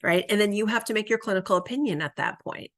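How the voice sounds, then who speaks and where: A woman's voice: mid-range voice, fast, fairly bright tone. Woman trainer who keeps asking "right?". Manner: conversational, tags statements with "right?"; acts out counselor and client lines. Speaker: addiction counselor trainer. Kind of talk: recorded training lecture.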